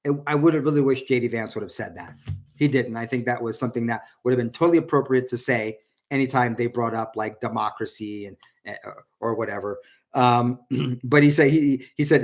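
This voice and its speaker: A man's voice: mid-range voice, fairly quick. A man giving casual solo political commentary, rambling and repeating words, and raising his voice when he quotes others.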